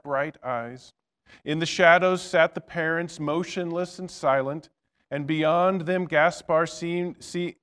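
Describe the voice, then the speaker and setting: A man narrating a storybook tale in a measured reading voice with small slips and restarts. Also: fairly high pitch, fairly bright tone.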